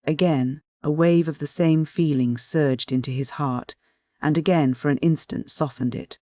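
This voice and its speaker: A measured audiobook narrator reading a classic novel. The voice sits at a middle pitch. It is recorded close and dry. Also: steady tone, dark tone, no echo. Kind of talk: scripted narration.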